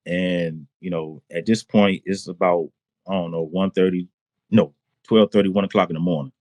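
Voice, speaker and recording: A man tells his personal testimony in a lowish voice, with casual slang and bursts of laughter. He gets excited, restarts sentences and repeats himself. The sound is close and dry. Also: moderate pace, dry recording. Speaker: testimony guest.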